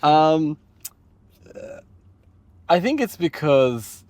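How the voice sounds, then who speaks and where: A man's voice: fairly high pitch, big pitch swings, very slow, darkish tone, dry recording. A man hosting a podcast, chatty and joking, who drifts into rambling asides and stories. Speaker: podcast host. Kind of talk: casual interview conversation.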